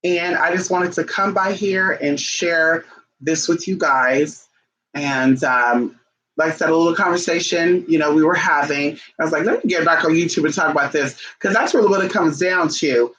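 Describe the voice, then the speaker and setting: A man with a high, bright voice talking casually to his camera. His manner is sassy and chatty, and he calls his listeners honey. He turns aside now and then to fuss at his pets. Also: normal speed, slight background noise, poor audio. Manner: breaks off to scold and coax his pets. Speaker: vlogger.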